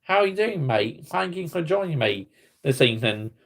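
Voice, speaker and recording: A man's voice: a little high, big pitch swings, moderate pace. A man ranting bluntly to viewers on a casual livestream, swearing as he talks football. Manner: heated and blunt, swearing, talking to chat viewers. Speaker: football fan streamer.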